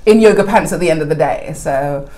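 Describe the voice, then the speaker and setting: A woman in her thirties with a low-pitched voice, talking as a guest in a relaxed interview. She rambles with lots of "um" and "like", then gets animated and laughs through her anecdotes. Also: fairly quick. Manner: rambling, many fillers, bursts of animated laughter when telling stories. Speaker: podcast guest, coffee educator. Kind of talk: casual interview chat.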